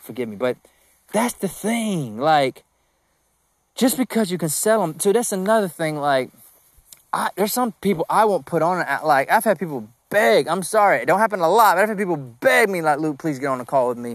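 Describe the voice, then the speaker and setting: Male podcast host, slightly high voice, casual and animated, self-deprecating, dry recording. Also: no room sound. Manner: rambling and animated, with emphatic repeated no's. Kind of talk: casual business talk.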